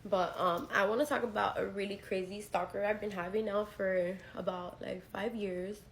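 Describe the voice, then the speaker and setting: A woman's voice: medium pitch, fairly even intonation, moderate pace, a little hiss or hum, low-quality recording. A woman with a sick voice, talking casually to her viewers as she starts a storytime. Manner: chatty, addresses viewers directly.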